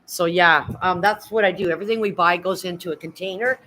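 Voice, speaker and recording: A woman's voice: fairly low pitch, brisk, bright, forceful tone, slight background noise, low-quality recording. A middle-aged woman chatting casually on a live stream from her home, showing her pantry and thanking viewers, easily moved. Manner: chatty and emotional, thanking viewers, near tears. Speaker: livestreamer.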